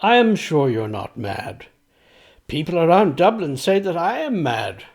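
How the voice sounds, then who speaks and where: A man's voice: a little high, sing-song, measured pace, a little mellow, exaggerated voice. A man reading aloud, voicing a frank, wry older clergyman of the 1700s who speaks in a knowing, confiding way.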